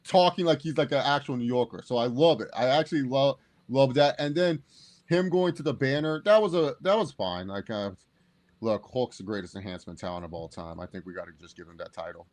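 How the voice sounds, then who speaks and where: A man chatting casually as a podcast co-host, excitable and animated as he reviews a movie. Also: medium pitch, brisk. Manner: excitable, animated, acts out quotes.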